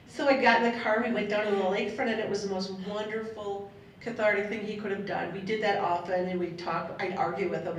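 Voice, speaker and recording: Heartfelt middle-aged woman in an echoey hall. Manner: heartfelt, rambling, laughs between thoughts. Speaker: panel speaker sharing her story. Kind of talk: personal storytelling to a live audience. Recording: echoey hall, voice from a distance, faint rumble.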